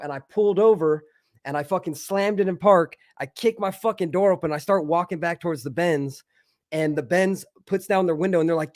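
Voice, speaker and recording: A man telling a story in a casual podcast chat, animated and profane, acting out the voices of the people in it. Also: a little high, brisk, no room sound, clean studio sound.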